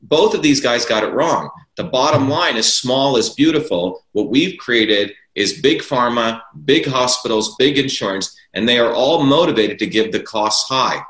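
A man's voice: mid-range voice, expressive, normal speed, hardly any pauses, a bit bright. Emphatic man in a roomy echo. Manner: emphatic, repeats key words for stress. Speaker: interview guest. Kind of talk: political argument in an interview.

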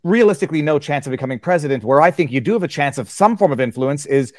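A man hosting a live interview, speaking haltingly and stammering as he tries to get his words in. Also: on the high side, animated, darkish tone. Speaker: host.

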